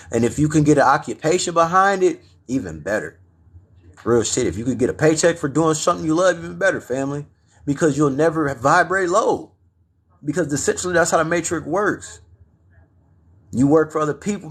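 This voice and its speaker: A man's voice: mid-range voice, fairly bright tone, slightly rough. A man hosting a late-night live stream, talking casually with lots of slang and motivating his viewers, whom he calls family. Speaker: livestream host.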